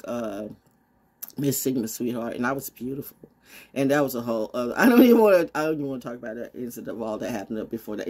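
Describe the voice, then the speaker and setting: A woman broadcaster ranting off the cuff in a brash, profane way, sliding from low mutters to loud squeals. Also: breathy edge. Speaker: voice actor and broadcaster. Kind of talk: off-the-cuff rant and freestyle.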